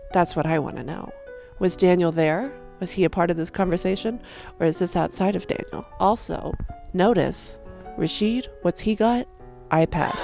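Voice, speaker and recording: A woman chatting casually about her own drawings, excitable and crude, with sudden loud bursts. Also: medium pitch, creaky. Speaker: video creator.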